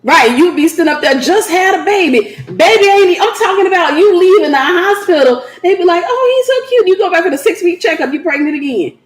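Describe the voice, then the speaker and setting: A woman speaks in an animated preaching style, repeating phrases and breaking into laughing asides. Her voice sits high, and the room around her rings with echo. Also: a little fast, hardly any pauses. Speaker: host. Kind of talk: preaching livestream talk.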